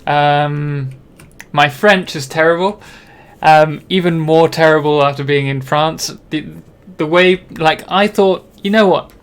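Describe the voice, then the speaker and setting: A young British man chats casually on a live game stream, rambling and putting himself down, full of ums and restarts. His voice is fairly high, clean in tone, and paced in a measured way.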